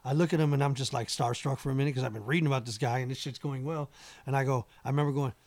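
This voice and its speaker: Fast-talking animated man from Chicago. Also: medium pitch. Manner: animated, profane, acts out quotes. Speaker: guest rapper. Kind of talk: casual storytelling in a podcast interview.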